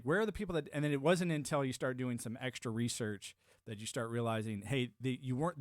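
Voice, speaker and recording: A man's voice: medium pitch, no room sound, clean studio sound. A man hosting a livestream, riffing loosely in casual political commentary and chatting with his viewers. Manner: rambling, animated, frequent restarts and mock-quoted voices. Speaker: livestream host.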